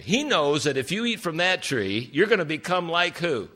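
An older man preaching a sermon, telling stories with big swings in pitch for emphasis. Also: very animated, normal speed, few pauses, pushed and bright.

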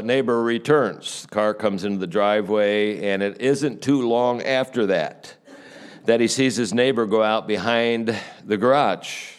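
A male pastor giving a conversational sermon, telling a story with frequent filler pauses. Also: on the low side, clear, resonant tone.

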